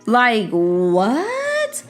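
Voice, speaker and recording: Outspoken woman, animated commentary. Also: fairly high pitch, extremely slow, faint music behind. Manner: animated, outspoken, addresses listeners as y'all. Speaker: podcast host. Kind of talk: casual commentary to her audience.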